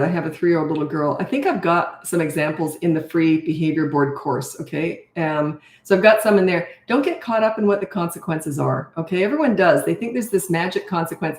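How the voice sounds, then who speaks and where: A woman's voice: on the low side, darkish tone. A middle-aged woman, a parenting coach, answering viewer questions in a blunt, direct way and often adding "okay?" or "right?". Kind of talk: live Q&A, answering viewer comments. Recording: roomy echo.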